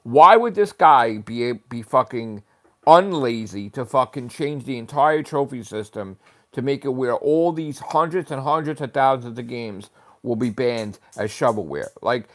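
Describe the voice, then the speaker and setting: A man streamer in an angry, profane livestream rant. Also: mid-range voice.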